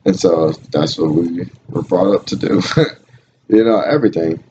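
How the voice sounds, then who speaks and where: Casual podcast host, a man with a lowish voice. Loose, swearing storyteller on a dull, lo-fi track. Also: normal speed, darkish tone. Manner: loose, profane storytelling with lots of laughing. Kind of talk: casual chat. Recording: dull lo-fi sound with faint noise.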